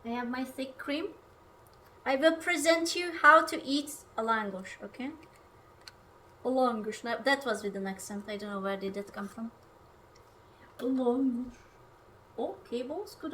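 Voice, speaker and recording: A young Hungarian woman streams herself cooking, chatting casually in a playful, self-mocking way. Her high voice is bright and forceful at a normal speed, with slight background noise.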